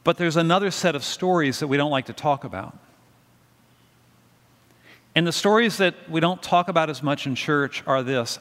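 A man's voice: a little high, moderate pace, pauses often, fairly bright tone, big-room sound. A middle-aged male pastor preaching a sermon in a conversational, storytelling way, often asking the congregation questions.

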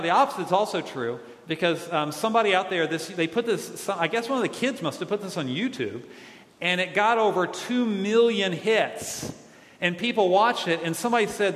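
A man preaching a sermon as a pastor, animated, asking the congregation to call back answers. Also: high-pitched. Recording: echoey hall.

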